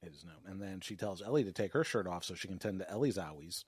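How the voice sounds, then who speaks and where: Over crowd noise, a man with a low, expressive voice talks fast while co-hosting a podcast. He recaps an episode in relaxed conversation, dropping wry, teasing remarks.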